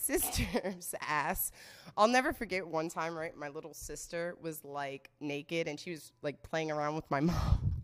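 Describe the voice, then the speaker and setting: A woman's voice: lowish voice, smooth. A woman hosting a comedy show, rambling through a casual, profane, joking monologue. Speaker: host of a comedy show about sex.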